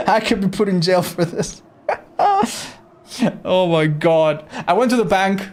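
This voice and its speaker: A man's voice: high-pitched, sing-song, slow pace. A man chatting casually on a livestream, reading chat, swearing freely and laughing often; English is not his first language. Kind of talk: casual live-stream chat.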